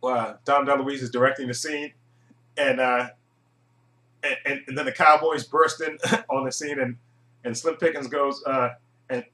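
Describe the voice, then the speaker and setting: A man giving a casual, rambling movie review monologue, chuckling often and filling pauses with "uh". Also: mid-range voice, fairly even intonation, pushed and bright. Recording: echoey room.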